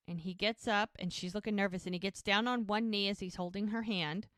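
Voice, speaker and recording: A woman's voice: medium pitch, a little fast, a bit bright, dry recording, studio quality. A woman co-hosting a podcast, retelling a TV episode scene by scene and quoting the characters with lots of "he's like" and "she goes". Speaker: podcast co-host recapping a TV episode. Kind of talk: casual storytelling recap.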